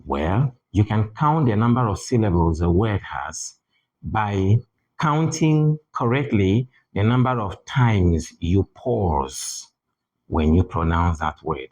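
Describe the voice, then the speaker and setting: A man teaching English pronunciation in a deliberate manner, repeating key words for emphasis. English is not his first language. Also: fairly low pitch, expressive, darkish tone, rough recording. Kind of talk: spoken lesson.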